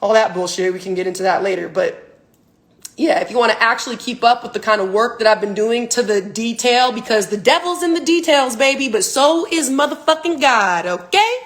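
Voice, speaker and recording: A woman's voice: on the high side, animated, fairly quick. A woman in her twenties, a professional athlete, ranting emphatically and profanely on a phone livestream. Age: 20s. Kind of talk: livestream rant.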